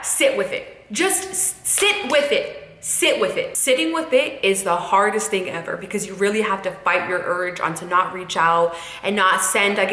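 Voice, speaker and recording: A young woman speaks candidly to camera, direct and emphatic, driving points home by repeating them. Her voice is bright and forward. The room around her adds a noticeable echo. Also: medium pitch. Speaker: YouTuber giving breakup advice. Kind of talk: casual advice monologue to camera.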